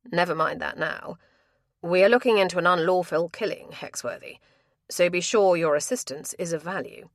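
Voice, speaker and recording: A woman reading a calm, commanding gentleman investigator with crisp formal speech. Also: fairly low pitch, normal speed, dry recording, clean studio sound, natural voice.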